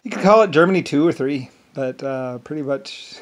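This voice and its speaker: A man's voice: a little high, moderate pace. A man in a rambling casual monologue, chuckling often between phrases as a vlogger.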